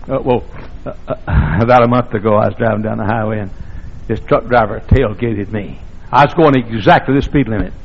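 Gravelly older preacher, folksy. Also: male voice, mid-range voice, a little hiss or hum. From American South. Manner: folksy storytelling with sudden loud shouts. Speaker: pastor. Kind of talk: sermon. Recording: dull lo-fi sermon recording.

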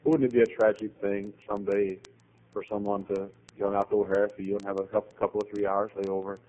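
A man preaching a sermon, rambling through anecdotes and building to loud exhortation. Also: on the low side, level tone, brisk, dull audio. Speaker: pastor.

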